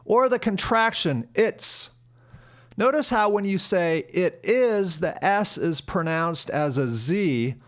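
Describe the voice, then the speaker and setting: High-voiced man coaching English sounds. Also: lively intonation, fairly bright tone. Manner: frank, demonstrates words by repeating them slowly. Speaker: English pronunciation teacher. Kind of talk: casual instructional monologue.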